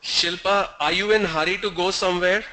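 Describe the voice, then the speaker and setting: A man's voice: sits high, steady tone, brisk, sharp tone, rough recording. A man teaching an online English class over a video call, quizzing students and joking with them. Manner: asks the class questions, teasing and joking. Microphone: video call mic.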